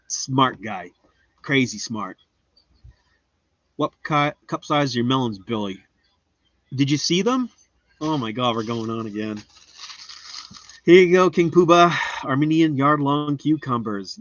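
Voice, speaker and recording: A goofy man rambles through a casual live stream, joking at his own expense and jumping from one thought to the next. His voice sits in a middle register and sounds a bit dull and lo-fi, with very little room echo. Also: a bit bright. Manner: rambling, goofy, self-mocking, jumps into high silly voices. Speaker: homestead gardening livestreamer. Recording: dull, slightly lo-fi dry sound.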